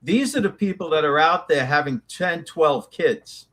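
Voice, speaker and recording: A man with a high voice rants on a casual news chat show. His pitch leaps all over as he talks. He sounds worked up and animated. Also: unhurried. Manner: animated, ranting, breaks into mocking voices. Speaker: co-host.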